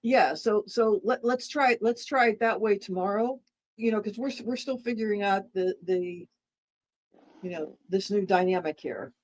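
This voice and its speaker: A woman's voice: mid-range voice, normal speed, a little mellow, poor audio. A woman co-hosting a casual livestream chat, rambling and repeating herself while she eats dinner. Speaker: livestream co-host.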